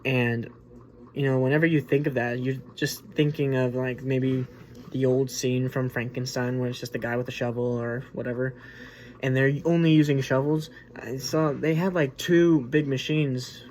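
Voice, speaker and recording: A man's voice: medium pitch, flat delivery, normal speed, darkish tone, slight background noise. A man hosting a casual spoken movie review, rambling and informal with lots of restarts and filler words. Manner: rambling and informal, with many restarts, "like" and "you know". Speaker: movie reviewer, host of the show.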